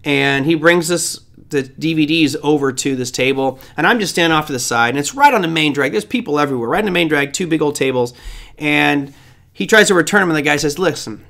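A man's voice: a little high, brisk, creaky, fairly bright tone. A man hosting a trading show, giving casual market commentary in a rambling, conversational way with side stories.

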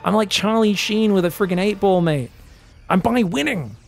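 A man's voice: high voice, moderate pace, vocal fry, soft background music. A man voicing a quoted cocky male pro gamer who brags about winning over and over. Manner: brash, repetitive bragging.

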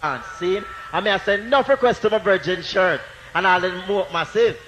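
A man's voice: high-pitched, brisk. A man with a Jamaican accent toasting live as a sound system deejay, chanting rhymes and taunting a rival over the records. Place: dancehall sound system session. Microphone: handheld sound system mic. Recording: lo-fi 1980s live tape with loud music.

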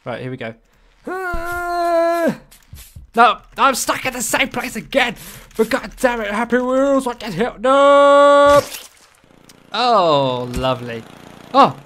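A man's voice: very high voice, sing-song, slow pace, a bit bright. A man hosting his own gaming channel, giving playful, exclamatory commentary while he plays and talking to the game. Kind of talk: casual gameplay commentary.

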